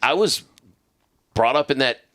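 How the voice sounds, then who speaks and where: A man's voice: medium pitch, expressive, measured pace, sharp tone, no room sound, studio quality. A man hosting a podcast and chatting casually about his own military years. His speech is loose, rambling and full of swearing. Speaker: podcast host, former Navy SEAL. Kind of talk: casual chat.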